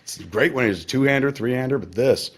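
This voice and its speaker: Profane, excitable man on a podcast. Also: medium pitch, fairly quick, slightly rough. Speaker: podcast host. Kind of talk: casual podcast chat.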